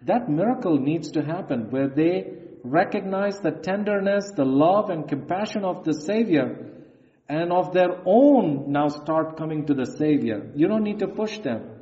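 A man preaching a sermon with an earnest, emphatic delivery, reading scripture aloud. His voice sits on the higher side and sounds mellow. The recording is dull and lo-fi, with long echo from a big hall. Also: animated, measured pace.

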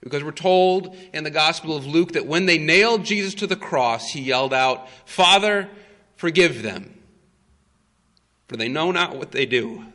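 A man preaches a sermon in a bright, forceful voice pitched a little high, telling the story with slow emphasis and many "uh" fillers. A large hall's long reverb trails after his words.

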